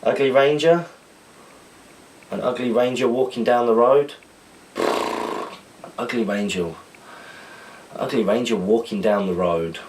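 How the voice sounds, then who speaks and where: A man's voice: mid-range voice, a little slow, long pauses, darkish tone, recorded from a distance, poor audio. A man hosting a podcast alone, reading out viewer questions in a loose, rambling chat and correcting himself as he goes.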